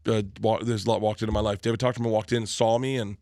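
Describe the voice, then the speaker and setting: A man's voice: lowish voice, flat delivery, quick pace, mellow, no echo, studio quality. A man in his forties from Florida, telling stories as a comedian guest in a casual interview, acting out quotes and laughing.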